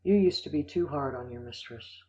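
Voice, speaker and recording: A man reading the lines of a wise, kindly male dog who speaks in a gently reproving way. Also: medium pitch, normal speed, close to an everyday voice. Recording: dull lo-fi recording.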